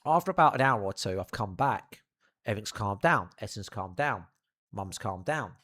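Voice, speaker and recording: A young man telling a funny childhood anecdote in an animated, profane, theatrical way. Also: on the low side, moderate pace. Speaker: storyteller. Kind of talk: comedic anecdote.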